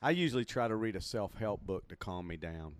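A man chats casually about comedy, playful and hesitant. His voice is smooth and clean, recorded close and dry. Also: lowish voice, animated, fairly quick, no echo. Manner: playful, hesitant, self-mocking. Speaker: comedy club owner and host. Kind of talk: casual conversation.

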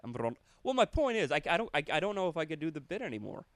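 A man's voice: a little high, very animated, fast, fairly bright tone, no room sound. A man, a comedian and podcast host, talking casually in a profane, rambling way. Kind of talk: casual chat.

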